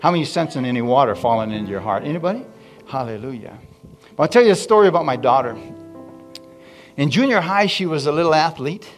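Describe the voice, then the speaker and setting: Middle-aged pastor guy preaching, chatty storytelling, asks the crowd stuff a lot, quiet guitar in the back. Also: fairly high pitch, fast talker. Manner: animated, calls out to the congregation. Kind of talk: sermon storytelling.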